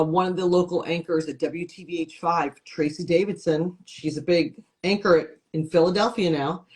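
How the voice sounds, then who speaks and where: Chatty woman telling lively stories. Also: lowish voice. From Syracuse, New York. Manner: lively storyteller, acts out quoted voices. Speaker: guest comedian and TV host. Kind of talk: casual interview chat.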